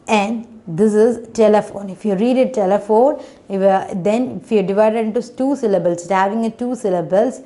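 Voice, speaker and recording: A phonics lesson for children is given by a woman whose mid-range voice has a dark tone and a moderate pace. She spells words out letter by letter, speaks with non-native grammar, and repeatedly asks "isn't it?"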